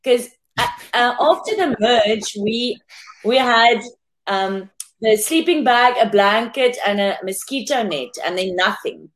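A woman's voice: fairly high pitch, a little slow. A woman from South Africa, a former contestant chatting casually as a podcast guest over a video call, laughing often and restarting her sentences.

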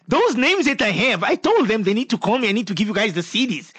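A man's voice: sits high, sing-song, fast, a bit bright, slightly rough. A man hosting a religious radio call-in show, reading out listener messages with pious, affectionate blessings.

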